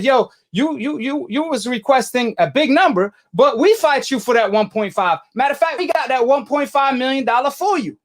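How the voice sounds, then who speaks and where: A man hosting a boxing call-in show, arguing with a caller in a combative, slangy way and repeating himself. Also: very high-pitched. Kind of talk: heated call-in debate.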